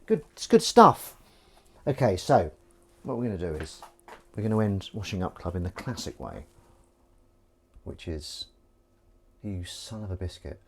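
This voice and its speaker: A man's voice: deep voice, expressive, normal speed, long pauses, darkish tone, slight background noise. A man chatting in a rambling, playful, self-mocking way on a live stream while washing dishes at his kitchen sink. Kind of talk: casual live-stream chat.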